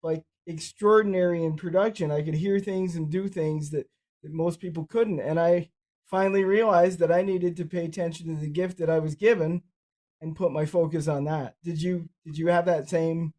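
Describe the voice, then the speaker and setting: A man's voice: a little high, steady tone, normal speed, warm tone. A man co-hosting a podcast, telling stories in a rambling, casual way, his speech affected by cerebral palsy. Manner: rambling, repeats words and restarts. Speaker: podcast co-host. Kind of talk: casual conversational storytelling.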